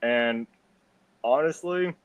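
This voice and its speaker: A man's voice: mid-range voice, slow, dry recording. A man from Massachusetts on a casual sports talk stream, giving blunt predictions and stumbling over repeated words. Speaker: guest panelist.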